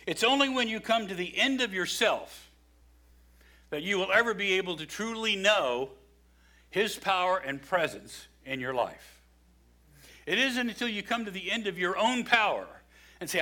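Animated, bright-voiced male preacher. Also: sits high. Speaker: pastor. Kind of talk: sermon.

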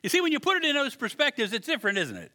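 Lively, bright-voiced male preacher. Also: extremely high pitch, very fast. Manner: animated, acts out voices with humor. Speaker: pastor. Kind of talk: sermon.

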